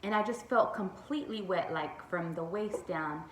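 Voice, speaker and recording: A woman's voice: on the low side, moderate pace, fairly bright tone, slight background noise. A young woman chatting through a storytime vlog, full of "like" and "y'all". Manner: chatty, says "like" and "y'all" a lot. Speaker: vlogger. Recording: echoey room with faint ambience.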